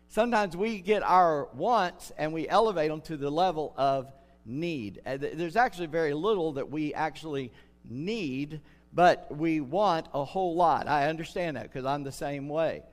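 An older man from the United States, preaching a sermon as pastor in an earnest way, slowing down to stress key words. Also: a little high. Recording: long hall reverb.

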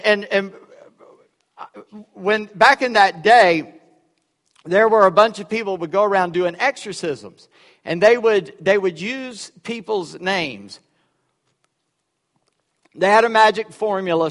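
A man with a fairly high voice preaches a sermon in a church. He swings from loud, emphatic lines to quiet, wry asides, and the sound rings out with the long reverb of a large sanctuary. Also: unhurried, long pauses. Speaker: pastor. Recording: echoey hall with long reverb.

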